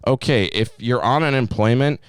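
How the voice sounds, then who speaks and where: A man's voice: mid-range voice, normal speed, clean tone, dry recording, clean studio sound. Profane, heated man in his twenties. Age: 20s. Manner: heated, profane, mocking put-on voices. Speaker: podcast co-host. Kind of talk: profane ranting podcast talk.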